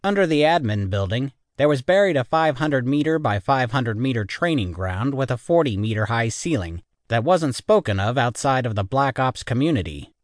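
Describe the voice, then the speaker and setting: A man's voice: mid-range voice, very animated, normal speed, hardly any pauses, no echo, studio quality. A man narrating a military science fiction audiobook in the first person, wry and matter-of-fact.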